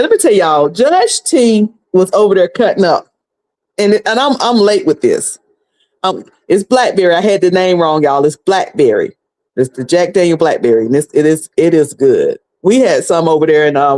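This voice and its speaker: A woman's voice: on the low side, a little mellow. A woman from North Carolina chats her way through a home livestream. She rambles, loops back over the same phrases and laughs easily as she talks to her viewers. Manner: rambling, chatty, repeats herself, laughs often. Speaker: livestream host. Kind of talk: casual livestream chat. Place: home, a noisy washing machine upstairs.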